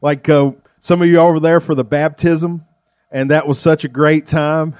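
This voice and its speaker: Man, pastor, casual joking sermon, raised pitch, dry close mic. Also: little pitch movement, normal speed, a little mellow, clean tone, no room sound. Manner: folksy, joking, conversational preaching. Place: church.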